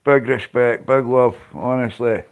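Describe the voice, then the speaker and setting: A man's voice: medium pitch, measured pace, creaky, smooth. A Scottish man hosting a livestream, chatting loosely with viewers, swearing and laughing as he goes. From Scotland. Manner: rambling, swearing, laughs often. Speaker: livestream host. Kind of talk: casual chat to live viewers.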